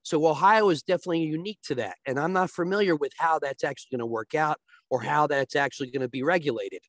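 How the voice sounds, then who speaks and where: A man as a guest on a talk show, explaining sports betting step by step and often checking with a quick "right?". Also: fairly high pitch, dry recording.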